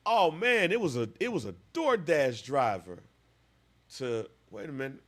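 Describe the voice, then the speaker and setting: A man's voice: a little high, big pitch swings, unhurried. A man in his thirties, a podcast co-host, telling a story with lots of animation and acting out voices in casual chat.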